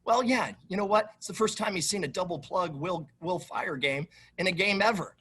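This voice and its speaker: Speaking at a moderate pace in a high-pitched voice with a breathy edge, a head football coach takes questions from the press. His answers are emphatic, animated and repetitive.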